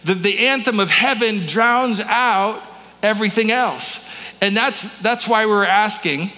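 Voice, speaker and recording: Male pastor, higher bright voice, chatty sermon full of questions to the room, long hall reverb. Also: a little slow. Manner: conversational, restarts words, asks the congregation questions. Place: church sanctuary.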